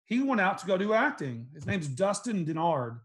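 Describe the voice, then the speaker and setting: A man's voice: sits high, sing-song, normal speed. A man hosting a casual chat, laid-back and reminiscing, with casual swearing.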